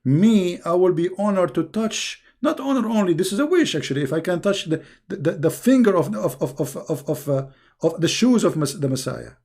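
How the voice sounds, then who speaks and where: Man, somewhat high voice with gravelly fry, emphatic, scolding stream host who repeats himself. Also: expressive, fairly quick, warm tone. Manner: restarts often, repeating words. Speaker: online show host answering viewer questions. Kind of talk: live stream Q&A commentary.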